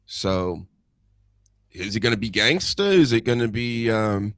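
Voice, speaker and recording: A man's voice: on the low side, big pitch swings, measured pace, a bit bright, no echo. Griping man, dry close mic. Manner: griping, dismissive. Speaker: podcast co-host. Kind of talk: casual banter.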